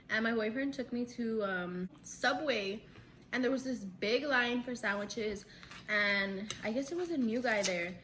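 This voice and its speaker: A young woman vlogger telling a story in casual chat, animated, often laughing and acting out quotes. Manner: animated, acts out quotes with big pitch jumps; laughs between lines, says "like" a lot. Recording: faint background noise.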